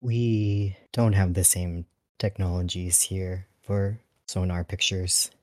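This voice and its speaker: A man's voice: deep voice, flat delivery, slow, a little mellow, no room sound. A man voicing an adult male uplifted dolphin pilot in a tabletop role-play, speaking formally and calling the listener "child". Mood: formal, gentle. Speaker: player.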